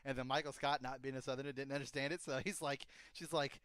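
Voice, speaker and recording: A man co-hosting a casual review podcast, animated and laughing, swearing often and acting out scenes he loves. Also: medium pitch, fast talker, clear, resonant tone, no echo. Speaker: podcast co-host. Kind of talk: casual chat.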